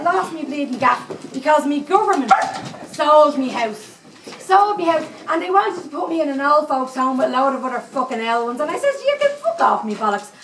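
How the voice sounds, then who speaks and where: A salty seventy-eight-year-old Dublin psychic, played by a woman on stage, rattles on in a broad Dublin accent and swears at every turn. Her voice sits a little high. It comes across from far off the mic in an echoey live room, with faint venue ambience underneath. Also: a bit bright, slight background noise. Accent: Dublin Irish. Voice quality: salty, swearing constantly, chatty asides. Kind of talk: live stage comedy monologue.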